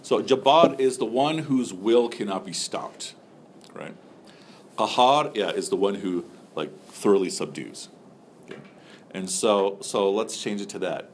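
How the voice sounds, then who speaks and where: A man's voice: fairly low pitch, a little slow, a little hiss or hum. A man teaching a religious text class in a loose, joking, conversational way, asking his students questions.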